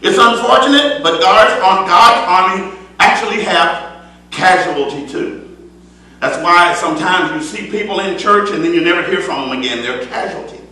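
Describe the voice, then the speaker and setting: High-voiced man preaching in an echoey church. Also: lively intonation, normal speed, recorded from a distance. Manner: emphatic preaching with repeated phrases; swings between loud declaiming and soft asides. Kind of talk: sermon. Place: church sanctuary.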